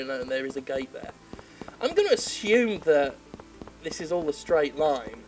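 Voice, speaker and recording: A woman's voice: medium pitch, low-quality recording. A woman game critic giving sarcastic, profane commentary while playing. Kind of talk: sarcastic let's-play commentary.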